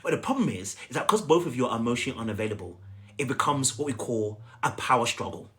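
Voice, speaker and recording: A man's voice: medium pitch, quick pace. A man giving casual dating coaching on a livestream, emphatic and repetitive, often asking the audience if they follow. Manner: animated, repetitive, emphatic and chatty.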